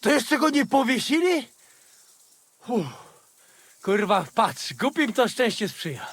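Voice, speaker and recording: An actor playing a gruff, foul-mouthed bandit in a video game, talking in a coarse, urgent way. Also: male voice, very high voice, big pitch swings, measured pace, a bit bright, no echo, heavily acted. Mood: agitated.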